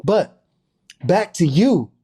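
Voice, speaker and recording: A man's voice: high-pitched, big pitch swings, slow, mellow, slightly rough. A man co-hosting a casual basketball show, playful and teasing in his banter. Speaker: co-host.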